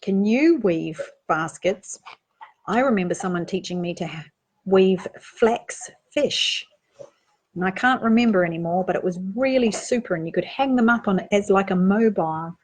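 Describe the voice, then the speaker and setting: A woman with a New Zealand accent reading a children's picture book aloud, gently asking young listeners questions as she goes. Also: medium pitch, lively intonation, moderate pace, husky. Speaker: storytime reader.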